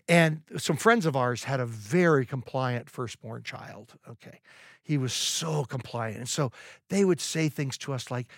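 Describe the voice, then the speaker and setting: A man's voice: mid-range voice, no echo, clean studio sound. A middle-aged man preaching a sermon, conversational and humorous, with frequent repeated words and fillers. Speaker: pastor.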